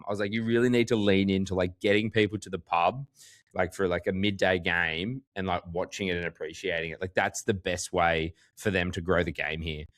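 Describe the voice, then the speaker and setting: A man with an Australian accent, co-hosting a podcast in casual chat, full of "like" and animated storytelling. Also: sits low, brisk. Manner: chatty, heavy use of "like", animated storytelling. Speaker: podcast co-host.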